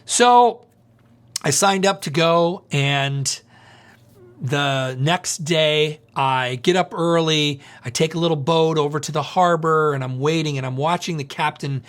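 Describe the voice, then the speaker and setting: Brief: male pastor, high-pitched voice, lively storytelling sermon with chatty asides to the audience. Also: a little slow. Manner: animated, conversational, asks the audience questions.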